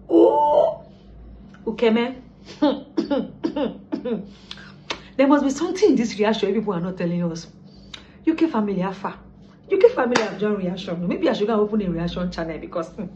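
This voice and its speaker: A woman with a Nigerian accent chats to her viewers in a loose, lively commentary, sliding between English and pidgin. Her recording sounds a little dull and lo-fi. A faint background hiss sits under it. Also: medium pitch. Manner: chatty, mixes pidgin, lively asides. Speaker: lifestyle vlogger. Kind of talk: casual commentary to camera.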